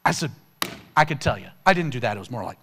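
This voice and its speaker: A man telling a personal faith testimony to an audience, in a casual, conversational way with lots of "you know" and "man", getting animated at the emotional peaks. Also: fast talker, a little hiss or hum. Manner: animated, rising sharply in pitch on emotional punchlines. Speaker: speaker giving a personal testimony.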